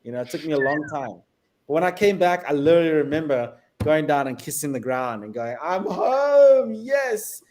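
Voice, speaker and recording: A South African man, speaking as a guest videographer in a relaxed interview. His voice sits a little high for a man, and he tells his stories with animation and frequent laughter. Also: fast talker, slight background noise. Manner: animated storyteller who laughs often. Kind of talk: casual interview chat.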